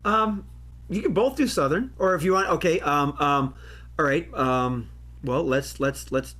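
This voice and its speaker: A man's voice: fairly high pitch, measured pace, bright, forceful tone. A man hosting an improv comedy game, hesitant and full of fillers as he stalls. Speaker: improv show host.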